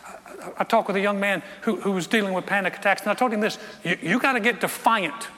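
Emphatic preacher guy, strained voice, high and bright, big hall reverb behind him. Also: fairly even intonation, fast talker. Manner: emphatic, repeats words, drops to quiet intense tones. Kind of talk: sermon.

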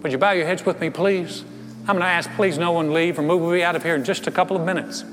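A man's voice: a little high, fairly even intonation, quick pace. A man preaching a sermon to his congregation, telling a story with earnest, building delivery. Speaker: pastor. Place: church sanctuary. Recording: long hall reverb with soft music.

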